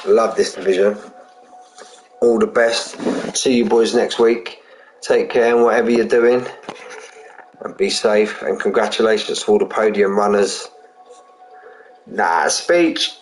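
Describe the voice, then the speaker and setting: Chatty low-voiced man calling a sim race. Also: steady tone, unhurried, long pauses, slight background noise, low-quality recording. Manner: chatty, repeats "mate" and "buzzing". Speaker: sim racing league commentator. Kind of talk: live race commentary and chat.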